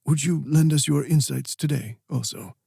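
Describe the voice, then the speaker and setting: A man's voice: on the high side, normal speed, gravelly, warm tone, slightly rough, no room sound, clean studio sound, exaggerated voice. A man voicing a patient, courtly advisor. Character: stout, patient male royal advisor. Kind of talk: audiobook character voice.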